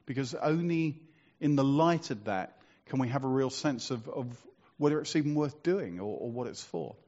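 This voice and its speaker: Guy giving a sermon, mid pitch, talks like he's telling you a story, muffled lo-fi sound. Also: animated, normal speed, darkish tone. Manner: conversational, storytelling, asks rhetorical questions. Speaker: preacher.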